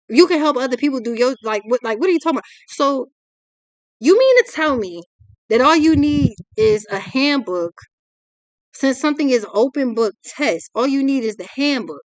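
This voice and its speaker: A woman's voice: fairly high pitch, no echo. Exasperated profane woman, dry close sound. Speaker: tarot reader. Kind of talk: ranting tarot reading.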